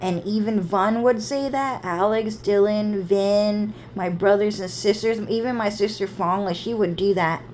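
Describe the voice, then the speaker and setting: A woman's voice: medium pitch, fairly even intonation, measured pace, hardly any pauses, a little mellow, a little hiss or hum. A young woman telling a rambling family story, swearing freely and filling with "like" and "dude". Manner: rambling and profane, heavy "like" and "dude". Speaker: vlogger. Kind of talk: casual storytelling monologue.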